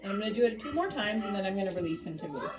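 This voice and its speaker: A woman dog trainer at home, calmly and patiently talking through a training session and softly praising the dog. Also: mid-range voice, racing, music in the background, poor audio. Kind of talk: hands-on training demonstration. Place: home living room.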